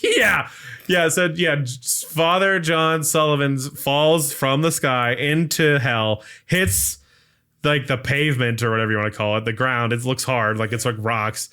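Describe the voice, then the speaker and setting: A man co-hosting a podcast, recapping a film in a rambling casual way, full of "like" and quick acted-out lines. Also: medium pitch, fairly even intonation, sharp tone, smooth. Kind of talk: casual chat.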